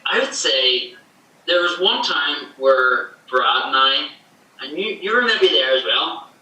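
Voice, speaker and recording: A man's voice: fairly high pitch, lively intonation, takes it slowly, pushed and bright. A young man from Northern Ireland with a Northern Irish accent that has a slight Canadian tinge, a podcast guest telling rambling stories with many fillers. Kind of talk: casual chat. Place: home in Canada. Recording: echoey distant remote call with faint noise.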